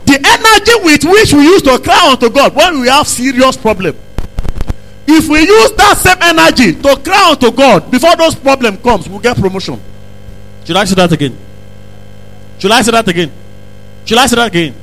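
A male preacher delivers a sermon in a strikingly high, bright voice. He drives points home by repeating lines and rising into shouts. The delivery is fervent and insistent. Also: very animated, moderate pace, a little hiss or hum, rough recording. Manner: emphatic preaching, repeats phrases, bursts into shouts. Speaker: pastor.

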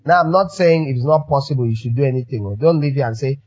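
A man's voice: mid-range voice, fast, hardly any pauses, darkish tone, husky, dull audio. A man preaching a sermon as pastor, emphatic and fond of repeating his phrases for effect.

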